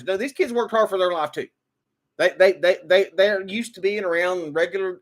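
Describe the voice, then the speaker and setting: A man's voice: high-pitched, normal speed. A man giving an opinionated political monologue, repeating words and restarting often, then building to emphatic bursts. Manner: repetitive stammering restarts, rising to emphatic outbursts.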